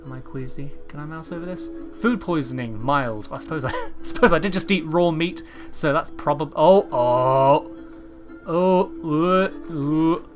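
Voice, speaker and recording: A young man giving jokey, sweary let's-play commentary with animated reactions. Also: a little high, fairly quick, hardly any pauses, music in the background. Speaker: gaming YouTuber.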